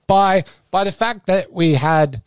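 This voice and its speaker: A man's voice: high-pitched, slow pace, smooth, no room sound. An Australian man co-hosting a podcast in a rambling, casual chat full of restarts and swearing. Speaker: podcast co-host.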